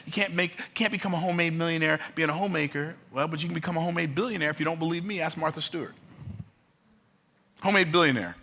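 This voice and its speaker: A man's voice: a little high, fast talker, sharp tone, a little hiss or hum. A man giving a motivational talk, emphatic and joking, repeating his key phrases for effect. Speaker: motivational speaker.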